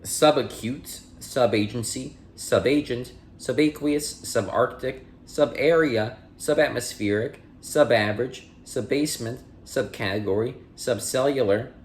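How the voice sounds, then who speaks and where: Male podcast host reading a dictionary aloud: steady word-by-word cadence, casual asides, mid-pitched voice, echoey room. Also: slight background noise. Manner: reads entry word, part of speech, then definition in a steady cadence; chatty and apologetic in asides. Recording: roomy echo.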